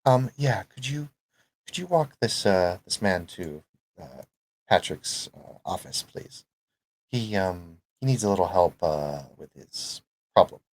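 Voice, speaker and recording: A man voicing a calm, kindly woman who offers help, speaking gently and a bit hesitantly. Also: deep voice, unhurried. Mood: coaxing.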